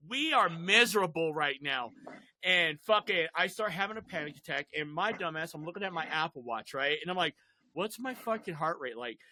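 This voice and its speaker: A man's voice: fairly high pitch, bright, forceful tone. A young man hosting a casual chat, telling a wild story with lots of swearing and laughter. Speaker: podcast host.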